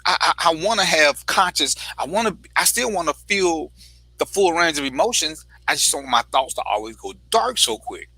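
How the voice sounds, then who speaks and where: A man with a very bright, forceful voice talks bluntly and emphatically, swearing freely in casual panel talk. The sound is dry and close. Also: a little high, animated, normal speed, husky, no echo, low-quality recording. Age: adult father. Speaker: panel guest.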